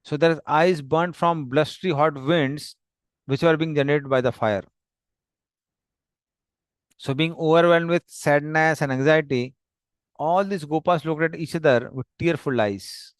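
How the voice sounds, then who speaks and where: A man tells a devotional story at an unhurried pace, pausing often and explaining each slide. His voice sits a bit high for a man, and the sound is close and dry with no room echo. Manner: slow, plain, explanatory with pauses.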